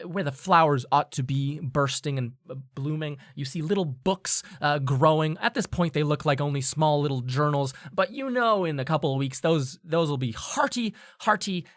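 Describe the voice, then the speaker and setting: A man's voice: fairly high pitch, dry recording, clean studio sound. A man acting as game master, improvising a scene description with lots of fillers and restarts. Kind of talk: narrating a tabletop game.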